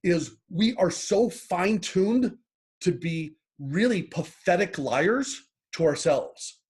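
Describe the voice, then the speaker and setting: Speaking slowly in a high, slightly mellow voice with lively intonation, a middle-aged man appears as a guest happiness coach in a relaxed interview. He's sincere and emotionally open, frequently circling back and repeating himself as he talks.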